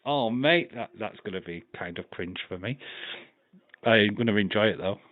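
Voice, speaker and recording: A man's voice: on the low side, lively intonation, moderate pace, dry recording, phone-quality sound. A man with a Yorkshire accent hosting a live watch-along, chatting casually, laughing often, swearing and reading chat messages aloud. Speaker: livestream host.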